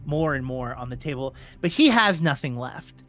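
A game master narrating a tabletop role-playing scene with lively, animated storytelling. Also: mid-range voice, normal speed. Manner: animated storytelling, laughs often.

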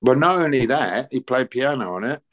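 An older man who talks in a loose, anecdotal way, full of "you know" and asides. His voice sits at an ordinary middle pitch, and he slips into quick little impressions when he quotes people. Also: animated, fairly bright tone. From England. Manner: chatty, anecdotal, plays out dialogue in quoted voices. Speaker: interview guest, musician. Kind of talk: relaxed conversational storytelling.

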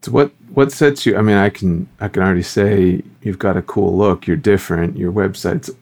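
Deep-voiced man asking halting questions. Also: darkish tone. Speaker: co-host. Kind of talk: casual interview questions.

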